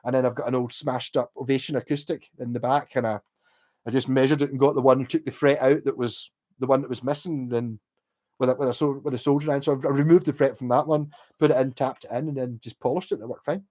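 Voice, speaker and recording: A man's voice: medium pitch, steady tone, fast, a little mellow. A Scottish man rambling casually on a livestream about guitar repair, with many restarts and the odd swear word.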